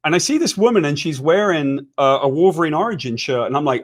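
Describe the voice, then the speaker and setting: A British man spins an anecdote in a casual chat, his voice sitting a little high for a man. He is animated and self-deprecating, and he slips into the voices of the people in his story. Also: quick pace. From Britain. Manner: animated, self-deprecating storyteller who acts out quoted lines. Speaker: co-host.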